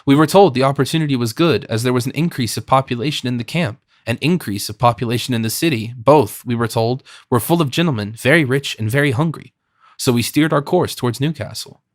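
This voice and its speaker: A man's voice: mid-range voice, a little fast, dry recording, clean studio sound, natural voice. A man voicing a cunning, talkative fisherman in his fifties who speaks deferentially but slyly. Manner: chatty, wily and deferential.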